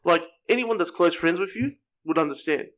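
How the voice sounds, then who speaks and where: A man's voice: sits high, expressive, a little fast, fairly bright tone, low-quality recording. A man co-hosting a podcast, teasing and needling his co-host in casual banter.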